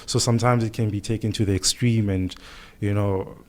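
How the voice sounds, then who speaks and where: In a radio podcast interview, the guest is a doctor who speaks calmly and measuredly with a fairly low-pitched voice, explaining his points with lots of "you know"s.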